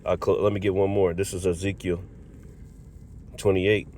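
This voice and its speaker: A man's voice: sits low, flat delivery, moderate pace, darkish tone, slight background noise. A man preaching from scripture, reading verses aloud and breaking in with casual, slangy remarks like "all right" and "man.". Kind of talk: street-style scripture sermon.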